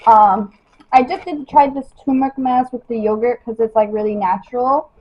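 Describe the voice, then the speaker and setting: A young adult model livestreams her skincare routine, chatting to followers in a slightly husky, fairly high voice with a steady tone at normal speed. She rambles loosely, full of "like" and "you know," and the audio is dull and lo-fi, like a phone stream.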